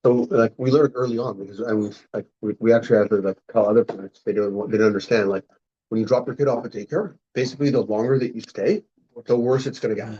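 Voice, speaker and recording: A man who is a parent, telling quick stories from his own life in casual chat. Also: on the low side, dark tone, husky. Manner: rapid, anecdotal storytelling. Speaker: parent in the audience. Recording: dull lo-fi sound.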